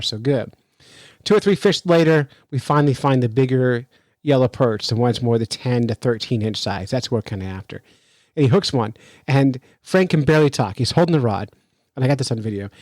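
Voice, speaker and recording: A man hosting a fishing podcast, telling a story in an animated, chatty way and reading news out with his own remarks. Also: medium pitch, no room sound, rough recording. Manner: animated, chatty, laughs while telling stories. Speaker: podcast host. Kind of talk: casual storytelling and news commentary.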